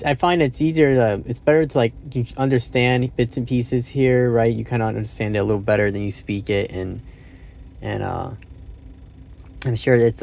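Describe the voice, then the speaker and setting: Male vlogger, low gravelly voice, hesitant and self-correcting as he thinks aloud. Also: darkish tone. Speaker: channel host. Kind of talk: casual language-practice vlog.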